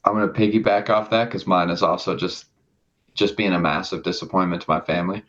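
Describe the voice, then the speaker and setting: A man's voice: sits low, steady tone, brisk, fairly bright tone. A young man on a podcast telling a rambling story in casual chat, swearing often and acting out the people in it. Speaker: podcast co-host. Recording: dull lo-fi sound.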